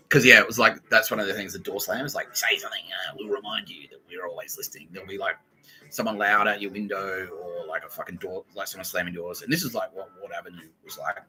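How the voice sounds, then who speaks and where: A man's voice: low voice, animated, a little fast, bright, forceful tone, poor audio. An Australian man hosting a podcast, telling a rambling story in a profane, agitated way. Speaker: podcast host. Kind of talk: casual rambling monologue.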